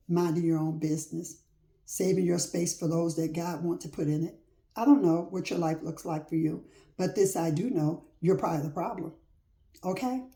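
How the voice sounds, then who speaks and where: A woman's voice: on the low side, creaky, warm tone. A woman delivering an informal faith-based motivational talk with an emphatic, repetitive preacher cadence and casual, folksy phrasing. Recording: roomy echo.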